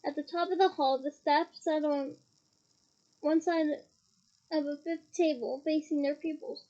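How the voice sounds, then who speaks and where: A woman's voice: high voice, fairly even intonation, measured pace, warm tone, muffled recording. A woman reading a novel aloud expressively, with small slips and asides. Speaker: reader.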